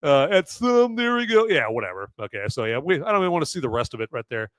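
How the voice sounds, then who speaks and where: A man's voice: medium pitch, big pitch swings, very fast, fairly bright tone, no echo. Brief: middle-aged male host, rambling and mocking, dry close sound. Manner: rambling, sarcastic, filler-heavy. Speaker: podcast host. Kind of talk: casual mocking commentary.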